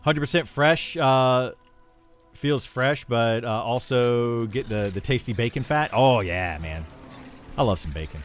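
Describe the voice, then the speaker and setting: A man's voice: medium pitch, unhurried, faint music behind. A young man streaming a game and chatting casually with viewers, rambling with lots of fillers and restarts. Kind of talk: casual livestream chat with viewers.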